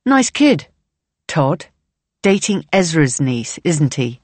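A woman voicing a wary middle-aged man with a gravelly voice and an authoritative, politician-like way of talking, in an audiobook. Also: low-pitched, very animated, slow pace, a little mellow, dry recording, heavily acted. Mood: wary, curt.

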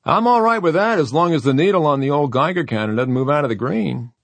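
Male narrator playing an easygoing, cautious man, higher, fast, dry booth. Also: lively intonation, dry recording. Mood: casual.

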